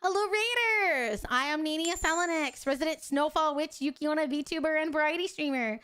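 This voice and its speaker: A woman's voice: high-pitched, normal speed, hardly any pauses, a bit bright. A young adult woman streaming a game, talking casually with chat, swearing and laughing in exasperation between affectionate greetings. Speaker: VTuber streamer.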